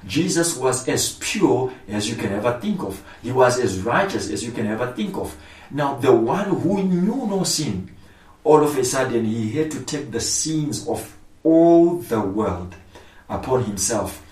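A man's voice: medium pitch, lively intonation, measured pace, darkish tone. Man preaching emphatically in an echoey room. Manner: emphatic, repetitive preaching with rising outbursts. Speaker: pastor. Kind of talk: sermon. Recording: echoey room, voice from far off the mic.

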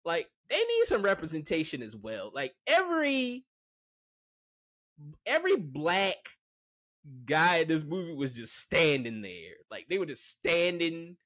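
Animated, rambling male movie reviewer. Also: fairly high pitch, a little slow, no room sound, studio quality. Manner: rambling, filler-heavy, frank. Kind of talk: casual opinion monologue.

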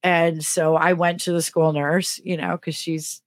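Middle-aged woman with a slightly low voice who tells stories casually and acts out the voices; dry, close recording. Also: flat delivery, unhurried, no room sound. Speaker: podcast co-host. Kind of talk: casual comedic storytelling.

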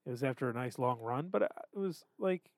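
A man's voice: mid-range voice, lively intonation, fast talker, dry recording. A man co-hosting a podcast, talking candidly and self-deprecatingly about his struggles, swearing freely. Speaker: podcast co-host. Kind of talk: casual confessional chat.

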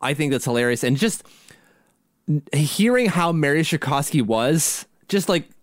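A man's voice: a little high, lively intonation, normal speed, dry recording, studio quality. A man co-hosting a sports podcast in casual chat, rambling with many restarts. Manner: rambling, frequent restarts and laughs. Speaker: podcast co-host.

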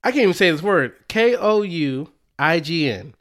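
A man's voice: fairly high pitch, lively intonation, normal speed, a bit bright. A young man co-hosting a podcast in casual chat, laughing often and poking fun at himself. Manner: laughs often, self-deprecating, spells out words. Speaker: podcast co-host.

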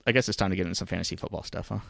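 A man's voice: sits low, very fast, vocal fry, fairly bright tone, no echo, studio quality. A man co-hosting a podcast in casual chat, grumbling and rambling with lots of fillers and restarts. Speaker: podcast co-host.

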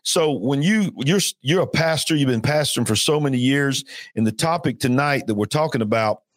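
A man's voice: medium pitch, lively intonation, a little fast, no echo, clean studio sound. A man hosting a faith call-in show, talking earnestly and emphatically, with frequent restarts. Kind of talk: preaching-style call-in talk.

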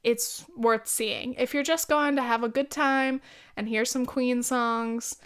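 A woman's voice: a little high, fairly even intonation, slow pace, a bit bright, clean tone. A woman in her twenties hosting a podcast, chatting candidly and rambling with lots of likes and ums. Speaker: podcast host. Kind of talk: casual solo chat.

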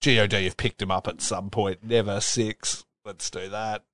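A man's voice: fairly low pitch, fairly even intonation, normal speed, a bit bright, no echo. A man co-hosting a casual wrestling podcast, laughing often and speeding up when he recaps. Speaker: podcast co-host.

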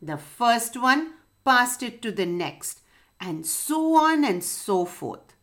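Slow, lively storytelling woman. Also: on the high side. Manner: gentle, expressive, lilting read-aloud delivery. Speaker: children's story podcast host and narrator. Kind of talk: storytelling for young children.

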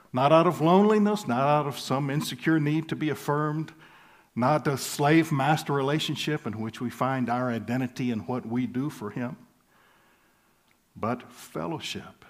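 Earnest man preaching. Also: medium pitch. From southern United States. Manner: earnest, emphatic, with soft chuckles and hushed pauses. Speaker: pastor. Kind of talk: expository sermon.

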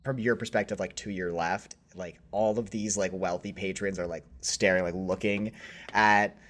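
A man's voice: low voice, fairly even intonation, normal speed, fairly bright tone. A man narrating a tabletop role-playing game as game master, rambling with many fillers.

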